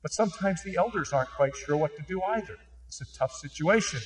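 A man with a fairly high voice gives an earnest presentation to an audience. He leans on key points and asks rhetorical questions. He sounds echoey and off-mic, as if recorded from across a meeting hall. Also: lively intonation, a little fast. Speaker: mission organization speaker. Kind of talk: conference presentation with slides. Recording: echoey room, distant mic.

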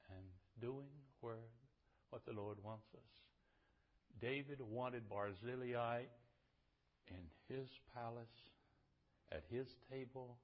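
A man's voice: mid-range voice, slow, highs cut off. A man preaching a sermon, retelling scripture in a conversational way and building to fervent emphasis.

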